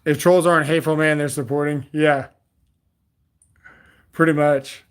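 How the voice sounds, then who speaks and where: A man's voice: on the high side, level tone, normal speed, clean tone. A man from Bermuda with a Bermudian accent mixed with Texas country, hosting a casual livestream and reading out viewer comments with loose, joking replies. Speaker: livestream host.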